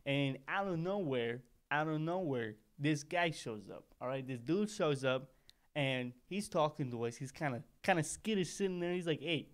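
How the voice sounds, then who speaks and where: A man's voice: a little high, lively intonation, normal speed, natural voice. A man voicing a poor, rambling small-time mafia henchman who talks like a tough guy and keeps digressing, as a comedic monologue. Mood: boastful.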